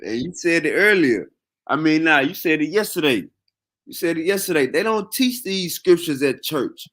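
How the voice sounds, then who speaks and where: A man talking casually, animated and repetitive, with heavy slang and profanity. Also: a little high, moderate pace. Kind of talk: casual freestyle talk.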